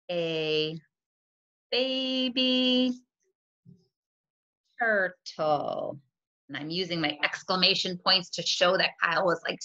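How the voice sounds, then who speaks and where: Bright-voiced woman teaching young writers. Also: mid-range voice. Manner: encouraging, uses rising check-ins like "right?". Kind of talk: modeling a writing lesson for young children. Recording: slightly dull lo-fi recording.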